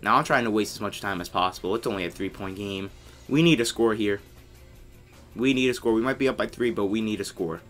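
A young man giving casual commentary over his own basketball video game, excitable and grumbling at teammates. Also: lowish voice, brisk, soft background music. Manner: excitable, yelling on big plays, grumbling at teammates.

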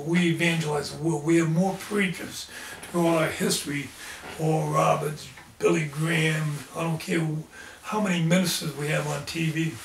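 A little high and creaky, a lay preacher's voice recounts his experiences in an interview with earnest fervor. The sound is echoey and distant, with faint ambience and slight background noise.

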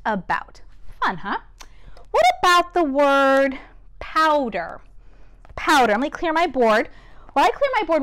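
A woman with an American accent teaching a children's spelling lesson, encouraging and sounding words out slowly. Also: a little high, fairly bright tone.

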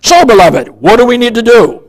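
Older man, pastor preaching a sermon, high-pitched voice, emphatic, keeps addressing the congregation. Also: very animated, normal speed, low-quality recording. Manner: emphatic, repeats "beloved", asks the congregation questions.

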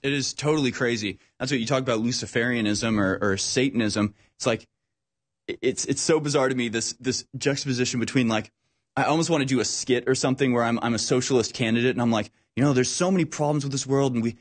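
A man hosting a talk show, speaking in an animated, emphatic way and repeating words when worked up. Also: mid-range voice, fast. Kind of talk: casual political talk.

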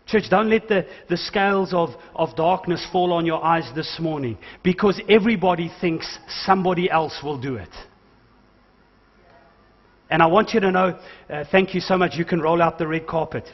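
A man delivers a sermon with urgent calls to his congregation and jokes in between. His voice sits high, and the sound is dull and muffled, with a long reverb that trails through the church hall. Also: normal speed. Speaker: pastor.

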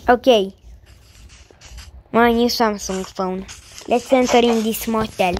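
Playful high-voiced woman playing a game. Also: fairly even intonation, slow, darkish tone. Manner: playful, talks to game characters. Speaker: gamer. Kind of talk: casual gameplay commentary. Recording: background noise.

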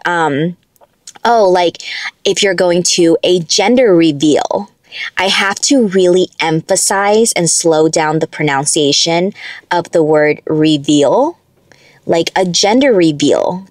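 A woman hosting a casual mukbang from her car, chatty and excitable, with rambling asides. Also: lowish voice, dry recording. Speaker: mukbang host. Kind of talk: casual eating-show chat.

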